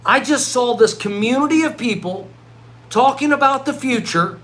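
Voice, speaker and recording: A middle-aged man with a very high voice vents at normal speed in a ranting vlog monologue. He's animated and worked up, often restarting and repeating himself.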